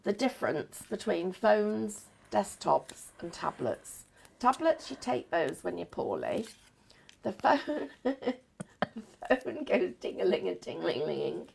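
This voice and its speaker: A woman's voice: medium pitch, big pitch swings, takes it slowly, vocal fry, breathy edge. A woman hosting a live craft show, chatting in a rambling, giggly way. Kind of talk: live crafting demonstration chat.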